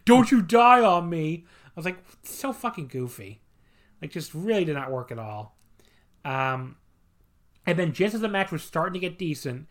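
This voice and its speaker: A man's voice: a little high, fairly bright tone. A man co-hosting a podcast, casually reviewing wrestling matches in a blunt, opinionated way and swearing freely. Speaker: podcast co-host.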